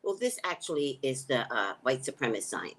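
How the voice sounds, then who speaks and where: A woman's voice: extremely low pitch, big pitch swings, a little fast, fairly bright tone. A woman hosting a casual livestream, chatting back to viewer comments. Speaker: livestream host and psychic reader.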